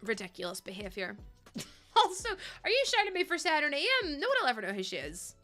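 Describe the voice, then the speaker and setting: Bright, giggly woman streamer. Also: a little high, big pitch swings, quick pace, soft background music. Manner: chatty, giggly, rambling anecdotes. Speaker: live streamer. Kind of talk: casual chat while gaming.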